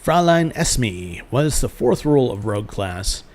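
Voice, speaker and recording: A man's voice: medium pitch, big pitch swings, moderate pace, darkish tone, natural voice. A man putting on a stern German-accented schoolmaster. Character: stern older male rogue-class master with a put-on German accent.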